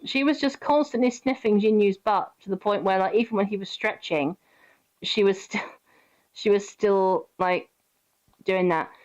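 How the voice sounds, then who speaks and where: A woman's voice: mid-range voice, a little slow. Chatty woman streamer, lo-fi audio. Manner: chatty, gently reassuring, giving advice to viewers. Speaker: live streamer. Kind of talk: casual live-stream chat.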